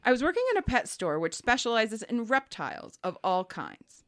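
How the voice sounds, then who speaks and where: Animated woman podcast host. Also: on the high side, normal speed. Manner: animated, acts out quoted voices. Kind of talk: casual chat, reading a listener email.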